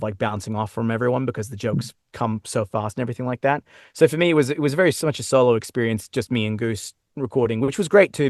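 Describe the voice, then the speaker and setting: A man's voice: mid-range voice, no echo. Chatty Australian man, dry close sound. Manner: chatty, self-interrupting, laughs easily. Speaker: guest voice actor. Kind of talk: casual interview chat. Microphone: own microphone.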